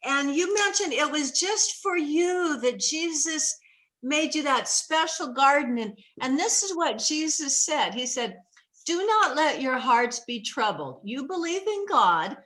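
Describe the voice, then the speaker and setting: A woman's voice: sits high, expressive, measured pace, a bit bright. A woman hosting a faith talk show interview, earnest and emotional, sometimes laughing or tearful. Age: older. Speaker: host.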